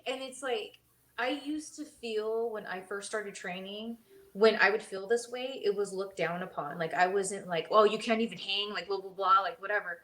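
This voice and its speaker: A woman's voice: medium pitch, normal speed, a bit bright, roomy sound, poor audio. A woman co-hosting a podcast who wrestles, chatting and telling her stories with frequent laughter. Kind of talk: casual chat.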